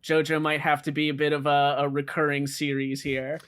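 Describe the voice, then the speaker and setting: Casting: relaxed male podcast co-host, higher voice, smooth clear tone, hesitant rambling delivery. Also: brisk. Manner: rambling, many fillers and restarts. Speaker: podcast co-host explaining the story. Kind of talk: casual chat.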